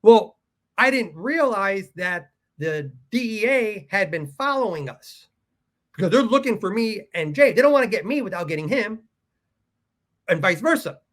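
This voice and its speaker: A man's voice: high voice, lively intonation, moderate pace, fairly bright tone. Man, Southern California, podcast guest, casual profane storytelling, chuckling, acts out quotes. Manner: chuckles through his own anecdotes.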